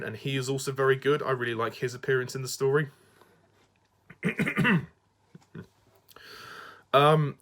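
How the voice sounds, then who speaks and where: A man's voice: medium pitch, a bit bright. A man with a Southern English accent giving a casual spoken review, hesitant, often restarting sentences and laughing between them.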